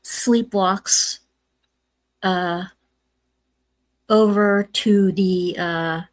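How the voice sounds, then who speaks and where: A woman's voice: mid-range voice, fairly even intonation, drawn-out words, no echo. A woman hosting a casual movie review podcast, retelling scenes step by step with lots of "uh"s. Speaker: podcast host.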